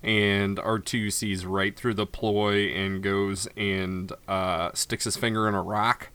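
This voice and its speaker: A man's voice: lowish voice, flat delivery, takes it slowly, pushed and bright, clean tone, no echo. A man hosting a casual podcast chat, recapping an episode with laid-back asides. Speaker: podcast host.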